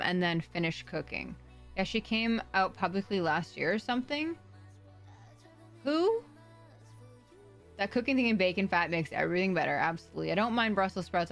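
A woman's voice: on the low side, a bit bright. A woman livestream host chatting casually with viewers, bubbly and rambling as she reads chat aloud.

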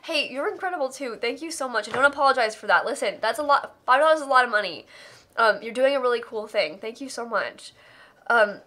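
Young woman, streamer, tired, tearful and laughing, fairly high voice, bright and forceful tone. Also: lively intonation, brisk. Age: young adult. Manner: emotional, gushing thanks, laughing near tears. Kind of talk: live charity stream, reading donation messages.

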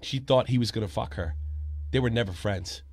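A man in his forties hosting a podcast, telling a story and ranting with constant swearing, dropping low and then shouting. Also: fairly quick. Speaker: podcast host. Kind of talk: profane commentary rant.

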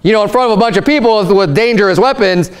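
Man, pastor, sermon, higher pitched voice, scripture reading, plain explaining. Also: smooth. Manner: reads scripture aloud, then explains it plainly with quick acted asides.

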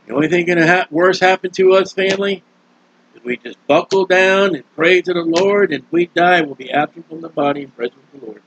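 A man's voice: brisk, fairly bright tone, a little hiss or hum. A man preaching a sermon in a folksy, scolding way. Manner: folksy, scolding, acts out quoted voices. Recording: dull, dry, low-fidelity recording.

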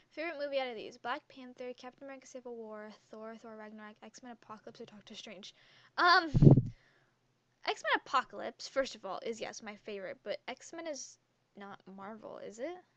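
A woman's voice: on the high side, brisk, a bit bright. A teenage girl gaming YouTuber who chats casually and giggles as she reads quiz questions aloud and answers them, talking into a headset mic hung around her neck. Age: teens. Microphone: headset mic worn around the neck.

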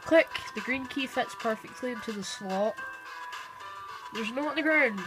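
Woman doing casual gameplay commentary, reads the game text out loud, quick reactions, game music playing clearly behind. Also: fairly high pitch, low-quality recording. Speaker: gamer. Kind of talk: casual let's-play commentary.

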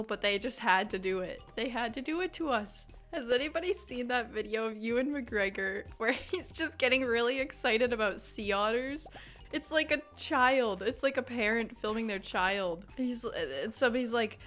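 A young adult woman giving casual, rambling gameplay commentary, breaking into excited exclamations. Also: medium pitch, moderate pace. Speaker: gaming channel host.

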